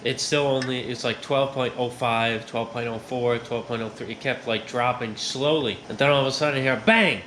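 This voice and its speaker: A man's voice: mid-range voice, steady tone, moderate pace, few pauses, a bit bright, a little hiss or hum. A man hosting a garage vlog, with a stuffed-up nose, telling a story in a chatty way and acting out his own reactions. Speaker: garage host. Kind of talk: casual workshop vlog.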